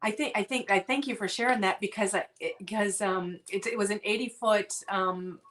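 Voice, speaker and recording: A middle-aged woman speaks as an interview guest, telling her own story with earnest feeling. She talks haltingly, circling back and restarting as she searches for the words. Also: medium pitch, a bit bright. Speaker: guest author. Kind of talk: heartfelt personal storytelling.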